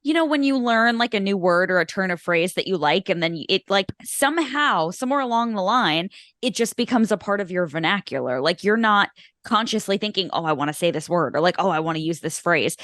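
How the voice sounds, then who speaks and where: A woman's voice: fairly low pitch, fairly bright tone, dry recording, clean studio sound. A young woman from Long Island co-hosting a movie podcast, chatty and full of fillers. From Long Island, New York. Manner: chatty, lots of fillers and laughs. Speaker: podcast co-host. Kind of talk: casual chat.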